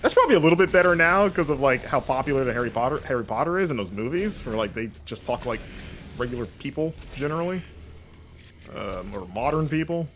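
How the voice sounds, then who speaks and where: Chatty young American streamer, laughs a lot. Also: male voice, medium pitch, animated, fast talker, fairly bright tone, a little hiss or hum. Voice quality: chatty, laughs easily, jumps into playful mock voices. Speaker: streamer and games critic. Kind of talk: casual gameplay commentary.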